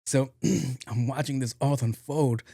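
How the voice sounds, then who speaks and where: A young man from New York hosting a podcast, telling a long story in a casual, animated, profane and self-mocking way. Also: mid-range voice, slow pace, gravelly, no room sound, studio quality. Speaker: podcast host.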